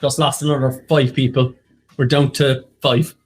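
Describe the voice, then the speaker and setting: Quiz host reading out standings. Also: male voice, mid-range voice, flat delivery. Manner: reads out standings briskly, jokes with co-host. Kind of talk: casual live-stream chat.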